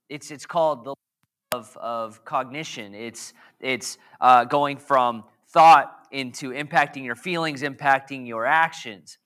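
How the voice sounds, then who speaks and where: A man with a bright, forceful and slightly hoarse voice preaches in an easygoing, chatty way. He drifts off on jokey side tangents and keeps asking the audience questions. His voice sits a touch higher than most men's. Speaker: pastor. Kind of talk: casual conversational sermon.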